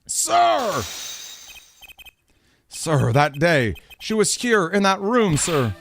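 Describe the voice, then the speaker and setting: A man doing a loud stammering bailiff. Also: high voice, wildly swooping pitch, drawn-out words, gravelly, slight background noise, heavily acted. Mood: nervous blustering. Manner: stammering, shouting, keeps saying sir. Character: jittery loud male police bailiff.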